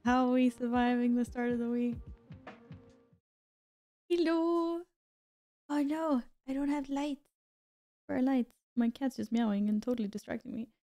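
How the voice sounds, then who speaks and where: A woman's voice: high-pitched, measured pace, pauses often, dark tone, faint music behind. Bubbly woman streamer greeting chat. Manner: bubbly, greets chat by name, laughs often. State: slightly stuffy, recovering from a cold. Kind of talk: casual live-stream chat.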